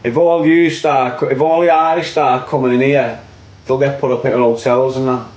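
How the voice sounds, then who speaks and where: A man's voice: medium pitch, fairly even intonation, normal speed, a little mellow, dull audio. A young man with a Liverpool accent, ranting opinions on his online show in a casual, repetitive way, ending lines with "mate". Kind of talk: casual livestream rant.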